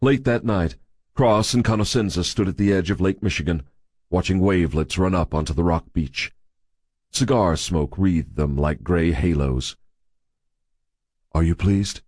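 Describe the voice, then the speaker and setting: A man reading a novel aloud in a measured, steady storytelling voice. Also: sits low, slightly rough, no room sound, studio quality. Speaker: audiobook narrator. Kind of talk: scripted narration.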